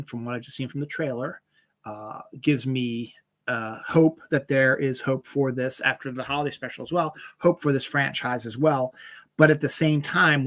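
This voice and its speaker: Chatty man with a bright voice. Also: medium pitch. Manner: chatty and rambling, with many fillers and restarts. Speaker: podcast host. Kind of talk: casual solo chat.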